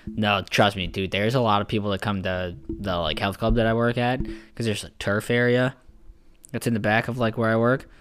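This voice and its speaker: A man's voice: fairly low pitch, fairly even intonation, moderate pace, a bit bright, clean tone. A man co-hosting a podcast, joking around in casual banter and swearing freely. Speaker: podcast co-host. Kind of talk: casual chat.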